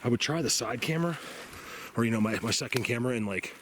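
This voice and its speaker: Through background noise, a man with a mid-range voice talks fast and animatedly while hiking in mountain woods. He records on a handheld camera mic, narrating casually to "you guys" and sometimes breathing hard.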